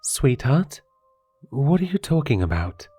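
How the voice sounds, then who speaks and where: A man's voice: fairly low pitch, unhurried, dark tone, no echo, soft background music. A man voicing a worried, tearful middle-aged mother who speaks in an anxious, pleading way.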